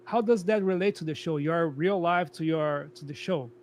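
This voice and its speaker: Man co-host, slightly high voice, halting questions, low hum on the line. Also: darkish tone. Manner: halting, loses track of his question. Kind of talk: casual podcast chat.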